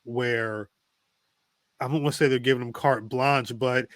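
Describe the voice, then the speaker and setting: Bright-voiced casual male podcaster. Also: mid-range voice, unhurried, no room sound. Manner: animated, swears casually, restarts often. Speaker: podcast co-host. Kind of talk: casual chat.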